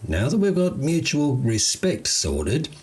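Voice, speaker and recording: A man's voice: medium pitch, wildly swooping pitch, slow pace, darkish tone, breathy edge, voice pushed up, heavily acted. A man voicing an easygoing, unflappable Australian gardener with a drawling, slangy way of talking. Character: laid-back Australian gardener, unflappable bloke.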